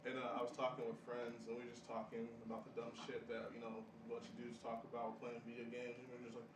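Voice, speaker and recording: A man's voice: mid-range voice, completely flat delivery, fast, few pauses. A young man doing a rambling stand-up set at a café open mic, laughing at his own jokes. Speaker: stand-up comedian. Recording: roomy live café sound from a distant mic with audience noise.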